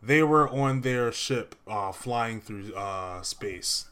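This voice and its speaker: A man's voice: lowish voice, takes it slowly, fairly bright tone, clean tone. A young man hosting a casual movie review chat, rambling through his recap with lots of "uh" and "like".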